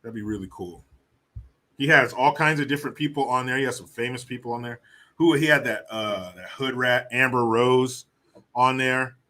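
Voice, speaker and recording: Male commentary host, heated profane rant, forceful bright voice, middle pitch. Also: normal speed. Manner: reads viewer comments aloud. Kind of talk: live political commentary rant.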